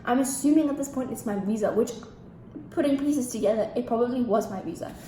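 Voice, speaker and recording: Animated teenage girl ranting on a vlog. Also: fairly high pitch, fairly quick, a little hiss or hum. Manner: animated, ranting, heavy swearing. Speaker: vlogger. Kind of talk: storytime vlog. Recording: echoey room with faint ambience.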